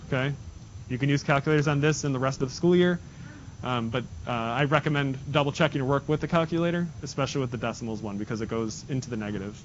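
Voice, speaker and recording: A man's voice: mid-range voice, fast talker, muffled recording. Guy teacher walking the class thru math steps, joking around, faint hiss in a classroom. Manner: talks students through steps, jokey asides. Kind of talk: classroom lesson.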